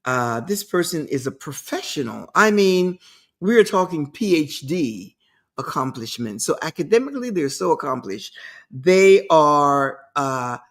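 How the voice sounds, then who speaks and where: A woman's voice: sits low, husky. A woman hosting a talk show, giving an emphatic motivational monologue and repeating her key points.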